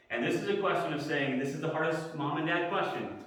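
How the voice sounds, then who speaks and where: A man preaching a Sunday school lesson, telling a personal story in an animated way and acting out the lines he quotes. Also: a little high, fast talker. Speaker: pastor teaching Sunday school. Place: church hall. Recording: echoey hall, mic at a distance.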